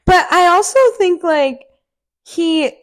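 A giggly woman with a high, bright-toned voice co-hosts a casual podcast. She talks emphatically and laughs often between remarks. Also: takes it slowly. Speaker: podcast co-host. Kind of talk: casual chat.

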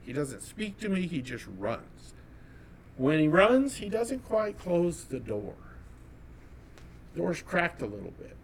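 A man from California telling a personal story as an interview guest, animated and acting out the dialogue. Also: sits high, slight background noise. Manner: animated, acts out quoted dialogue.

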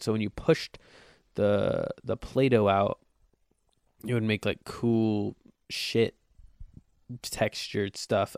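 A man's voice: fairly low pitch, clear, resonant tone, dry recording, studio quality. A young adult man hosting a casual solo podcast, rambling with crude, self-mocking humor. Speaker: podcast host.

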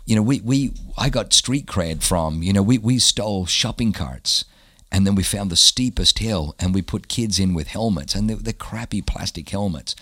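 A man's voice: fairly low pitch, moderate pace, no echo, clean studio sound. A man, a pastor telling stories as a guest in an interview and acting out what other people said. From Australia. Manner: animated storyteller who acts out the quotes of others. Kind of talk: storytelling in a casual interview.

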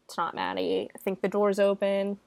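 A young woman giving a casual, chatty movie recap, swearing freely and jumping into high, loud mock quotes. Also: steady tone, normal speed, no echo. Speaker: movie reviewer.

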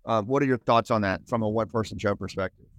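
A man's voice: on the low side, quick pace, dry recording. A man as an interview guest, asking eager questions in casual talk. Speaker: guest, retired army officer and playwright.

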